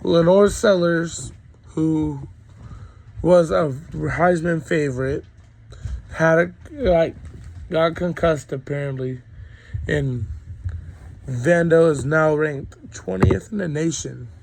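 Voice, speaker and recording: Rambling young man, gravelly voice. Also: fairly high pitch, takes it slowly, long pauses, darkish tone, poor audio. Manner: rambling, opinionated, frequent ums. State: sick, coughing. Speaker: college football commentator. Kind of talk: casual sports recap monologue.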